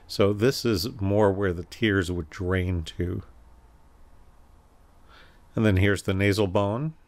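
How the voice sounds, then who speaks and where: A man giving a recorded anatomy lecture, calmly explaining and pointing through slides with occasional self-corrections. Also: deep voice, slow pace. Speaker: anatomy instructor.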